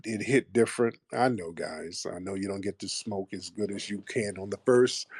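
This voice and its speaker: A man's voice: fairly low pitch, vocal fry, darkish tone, no echo, studio quality. A man hosting a live call-in show, casual and combative, mocking and insulting his callers.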